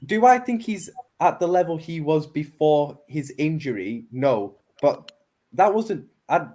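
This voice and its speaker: Brief: male panelist, emphatic football debater, mellow warm timbre. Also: fairly high pitch, animated, a little slow. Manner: opinionated, emphatic, says innit.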